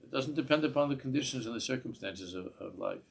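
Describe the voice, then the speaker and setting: A man's voice: medium pitch, animated, fast, vocal fry, a little hiss or hum. A man, a rabbi giving a class in a synagogue, earnest, restarting phrases and mixing in Hebrew terms. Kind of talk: sermon.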